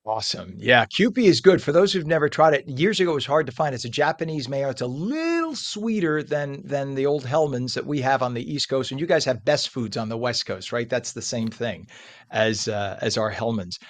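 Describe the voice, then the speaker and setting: A man's voice: mid-range voice, expressive, a little fast. A man hosting a live TV morning show interview, chatty and joking, eating food on air.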